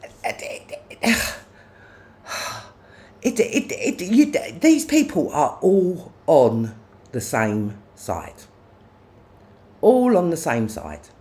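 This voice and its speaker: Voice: mid-range voice, wildly swooping pitch, drawn-out words, pauses often, darkish tone. A person ranting angrily on a livestream, cursing and confronting others, tagging many lines with "yeah?". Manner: profane, confrontational, repeats "yeah?". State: angry. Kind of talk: angry livestream rant.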